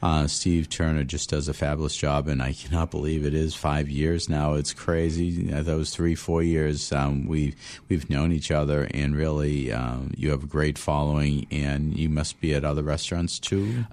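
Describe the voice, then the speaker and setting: Deep-voiced effusive male radio host. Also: little pitch movement, normal speed, darkish tone. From South Boston. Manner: effusive, thanks people at length. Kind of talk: casual radio interview.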